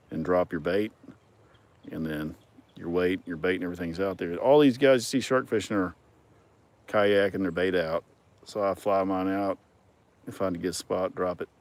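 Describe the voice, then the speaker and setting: A man hosting a casual livestream, reading viewer comments and talking in a rambling way with many ums and some dry sarcasm. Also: low-pitched. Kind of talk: casual chat.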